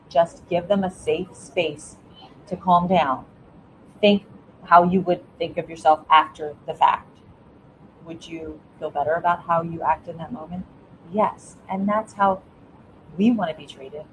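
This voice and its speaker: A woman's voice: fairly low pitch, steady tone, a little slow, a little hiss or hum, poor audio. A middle-aged woman, a former school principal, giving earnest, encouraging parenting advice as an interview guest, with frequent restarts.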